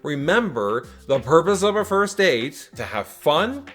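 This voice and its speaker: A man giving dating advice in a casual, animated monologue, emphatic with jokey asides. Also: on the high side, unhurried, faint music behind.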